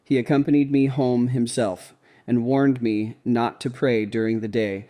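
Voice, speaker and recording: A man narrates a devotional diary in the first person, reading at a calm, measured pace. His voice is mellow and darkish, with an even, unhurried delivery. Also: mid-range voice.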